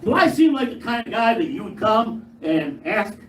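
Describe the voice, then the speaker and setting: An older man performing a stand-up routine on stage, gruff and profane with punchy, jumpy delivery. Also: sits high, big pitch swings, moderate pace, a bit bright. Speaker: stand-up comedian. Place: live comedy club stage. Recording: echoey live room, mic far, crowd noise. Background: audience laughter.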